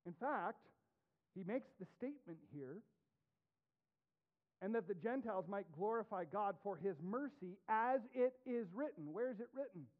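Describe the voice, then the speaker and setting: Over tinny, phone-like audio, a pastor with a high-set voice delivers a sermon in an animated way. He reads scripture aloud with deliberate weight, his voice climbing and falling sharply to stress points.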